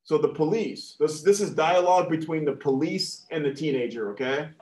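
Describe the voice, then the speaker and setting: In an echoey room, a man reads jokes to program participants in a casual, lively way, chuckling at his own punchlines. His voice is fairly high and moves at a normal speed.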